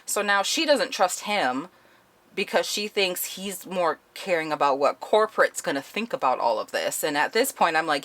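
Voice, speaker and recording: A woman's voice: on the low side, animated, normal speed, a bit bright, no echo. A woman giving a casual spoken book review, retelling the plot bluntly and swearing often.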